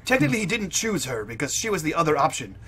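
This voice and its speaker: A man's voice: fairly high pitch, sing-song, quick pace. A man playing a tabletop role-playing game, chatting casually and laughing easily as he slips in and out of his character. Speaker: player. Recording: faint background noise.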